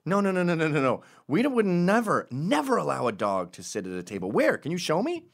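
A man's voice: a little high, huge pitch swings, fairly quick, creaky, pitched above the performer's own voice, heavily acted. A man voicing an eager, apologetic restaurant manager caught off guard. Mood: flustered.

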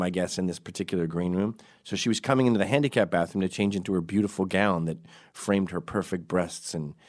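A middle-aged man telling a crude comic anecdote in a deadpan way, dropping to quiet asides. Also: on the low side.

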